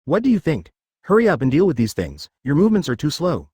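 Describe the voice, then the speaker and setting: A synthetic male narrator voicing a cold, arrogant young ninja who speaks calmly and mockingly. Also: a little high, fast, breathy edge, dry recording, clean studio sound, exaggerated voice. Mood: impatient. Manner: calm, icy and mocking.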